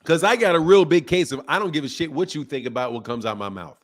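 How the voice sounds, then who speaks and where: Casting note: slangy, emphatic male stream host, slightly higher-pitched, laughing and riffing loosely. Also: animated, fast, soft background music. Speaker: boxing channel host. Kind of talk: casual live-stream chat reading viewer comments.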